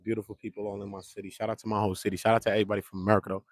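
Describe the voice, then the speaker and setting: A man's voice: on the low side, level tone, rapid-fire, dry recording. A man, rambling casually to the camera in slang, joking and repeating himself.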